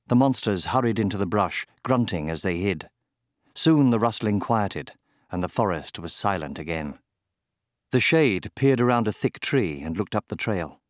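A man reads a fantasy story aloud in a measured, steady manner. His voice sits on the low side. The recording is dry and close, with no room sound. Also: no room sound. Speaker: narrator. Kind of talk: scripted audiobook narration.

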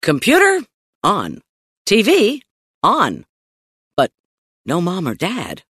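A woman narrating a children's audiobook in a playful, expressive storytelling manner, close to a studio mic. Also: fairly low pitch, takes it slowly, slightly rough, no room sound.

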